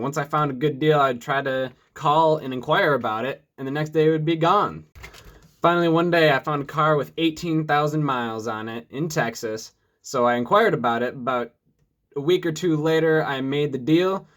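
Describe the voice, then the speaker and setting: A man in his mid-twenties from Metro Detroit, hosting a casual vlog and telling his story to camera in an upbeat, steady way. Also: mid-range voice. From Metro Detroit, USA. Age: 20s. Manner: upbeat, energetic greeting, then steady storytelling. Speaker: vlogger.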